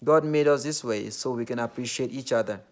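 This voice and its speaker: A man's voice: mid-range voice, a little fast, darkish tone. A man from Nigeria with a Nigerian accent, talking earnestly to the camera in a casual monologue, with many fillers and restarts.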